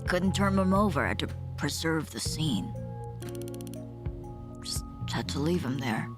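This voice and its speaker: A woman voicing a drunk, angry young female detective in a game, speaking low and bitter. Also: animated, measured pace, over music. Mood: grim.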